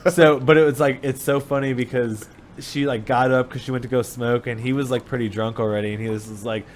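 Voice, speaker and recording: A man's voice: mid-range voice, steady tone, fairly quick, slight background noise. A man hosting a casual podcast, chatting in a laid-back way. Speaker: podcast host.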